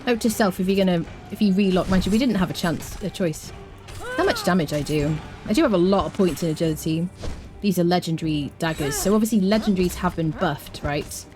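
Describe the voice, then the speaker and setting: A woman giving chatty, animated live commentary while she plays a video game. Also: lowish voice, a little fast, over music. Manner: chatty, animated, talks to chat and her cat. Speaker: game streamer. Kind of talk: live let's play commentary.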